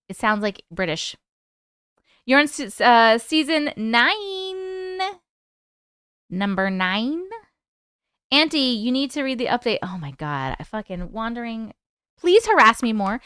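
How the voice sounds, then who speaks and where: Bright, high-voiced woman chatting on a livestream. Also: clear, resonant tone, no echo, clean studio sound. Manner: chatty, giggly, quickly distracted. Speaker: livestream host. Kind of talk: casual livestream chat reading viewer comments.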